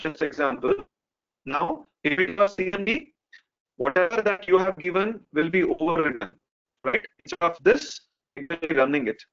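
Male instructor on a video call, patient step-by-step explainer, somewhat high-pitched, muffled lo-fi line. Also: pushed and bright. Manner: explains step by step, many fillers like "okay" and "right". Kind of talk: live online technical lesson. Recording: dull lo-fi call audio.

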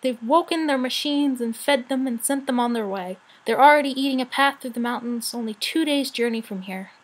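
Woman doing a shrill, bossy female rat. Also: fairly quick, poor audio. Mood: urgent. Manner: shrill, scolding. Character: sharp-tongued female rat, bossy messenger.

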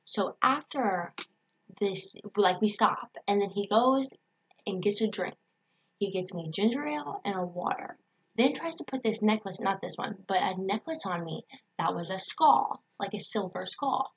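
A young woman telling a personal story in a casual vlog, excitable, swearing and full of filler words. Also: medium pitch, normal speed, a little hiss or hum, rough recording. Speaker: vlogger.

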